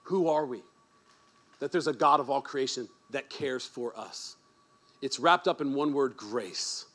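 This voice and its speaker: A man preaching a sermon as pastor, animated and joking, moving from quiet asides to shouted emphasis. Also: mid-range voice, a little slow. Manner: joking, teasing the congregation.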